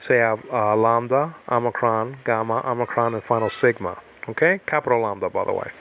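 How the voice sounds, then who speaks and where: Middle-pitched man, rambling home livestream teacher, chatty and digressive, faint background noise. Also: a little fast, fairly bright tone. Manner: digressive, chatty, many fillers and restarts. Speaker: Bible Greek teacher. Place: self-built cement-block house during a typhoon.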